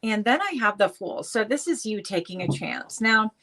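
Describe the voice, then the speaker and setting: A woman guest reader gives a tarot reading in a reassuring tone. She sometimes pauses to search for the right word. Her pitch sits in the middle range for a woman. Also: animated, fairly bright tone.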